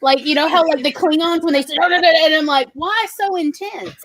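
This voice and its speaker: High-voiced woman co-host, quick wisecracks, faint background noise. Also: steady tone, fairly bright tone. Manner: joking, quick quips, laughs often. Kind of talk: casual chat.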